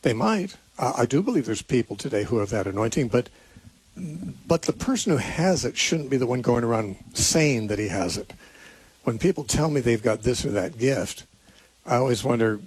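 A man's voice: mid-range voice, lively intonation, normal speed, breathy edge. A man hosting a call-in radio show, answering listeners' Bible questions in an earnest, thinking-aloud way with frequent restarts. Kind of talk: unscripted call-in radio teaching.

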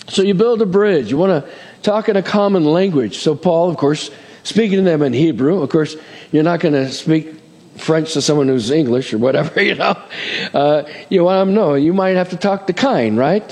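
A man's voice: on the high side, darkish tone, long reverb tail. A man preaching a sermon as pastor, talking conversationally with asides and checking in with "amen?".

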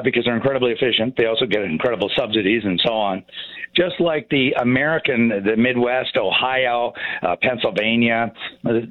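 A man's voice: medium pitch, no echo. A man in his sixties, a professor on radio commentary, talking emphatically with sarcastic asides and many fillers. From Canada. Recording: tinny phone line.

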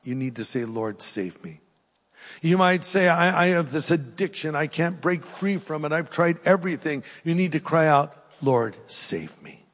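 An older male pastor preaches to a congregation, earnest and pleading, lifting his voice for emphasis and then dropping to a hush. His voice sits fairly high for a man. It rings with the long reverb of a large church hall. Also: normal speed, hardly any pauses. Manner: earnest, preacherly, swings between rising emphasis and hushed pleading. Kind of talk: sermon with altar call. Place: church hall with live audience.

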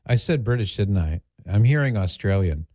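A man's voice: on the low side, normal speed, crowd noise. A man hosting a talk radio show, chatting casually as he introduces audio clips, with fillers and asides. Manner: relaxed, conversational, with fillers and asides. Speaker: radio host.

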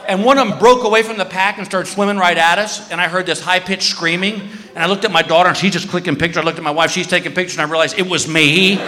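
A man's voice: sits high, quick pace, hardly any pauses. A man telling a comic story on stage, acting out the people in it with big vocal swings. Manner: animated, acts out voices with big jumps. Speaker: stand-up comedian. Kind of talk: stand-up comedy storytelling. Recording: live hall reverb, faint ambience.

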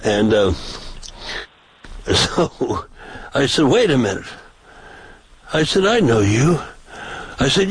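A man who preaches on the street, telling stories from his protests in a casual, animated way. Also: a little slow, long pauses, breathy edge, no room sound, low-quality recording. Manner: animated, pitch jumps for quoted voices. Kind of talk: casual storytelling.

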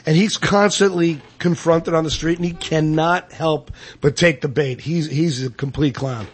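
A man's voice: a little high, fairly even intonation, normal speed, slightly rough. A man guesting on a casual talk show, sardonic and blunt with his put-downs.

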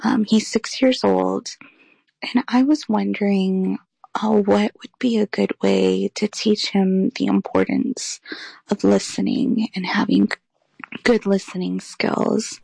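A woman calling in to a talk show as a mother, asking her question hesitantly with pauses. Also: medium pitch, fairly even intonation, creaky, darkish tone, slightly rough, no echo. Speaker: caller, mother of a young boy.

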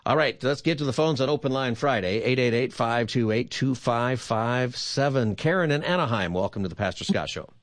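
A man's voice: mid-range voice, lively intonation, a little fast, hardly any pauses, no room sound. A man hosting a call-in radio show, taking calls with folksy, joking banter.

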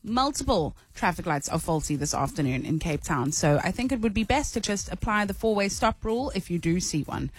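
A woman giving a radio traffic report, clear and steady from a studio. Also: medium pitch, a little fast, few pauses, dry recording. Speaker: traffic presenter.

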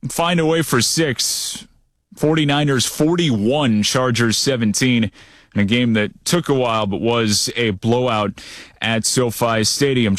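A man hosting a sports news show, reading scripted updates at a brisk, upbeat clip. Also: medium pitch, fairly bright tone, dry recording, studio quality.

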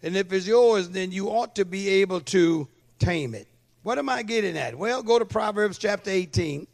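This pastor's voice is high and creaky, with lively intonation and a moderate pace. Preaching in church, he asks for amens and makes sure the congregation keeps up.

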